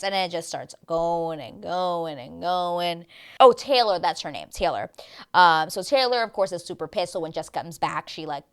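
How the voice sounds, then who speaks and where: Gossipy young woman with lively pitch. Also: fairly quick, clean tone. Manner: gossipy, animated, slips into squealing quoted voices. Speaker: reality TV recap vlogger. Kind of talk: casual chatty TV recap.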